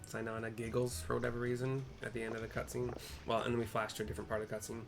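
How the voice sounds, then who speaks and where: A man reading a game's story aloud for visually impaired viewers, with wry asides and a voice going hoarse. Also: mid-range voice, monotone, very fast, hardly any pauses, soft background music. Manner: reads character lines in put-on voices, wry asides. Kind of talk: casual game playthrough with read-aloud dialogue.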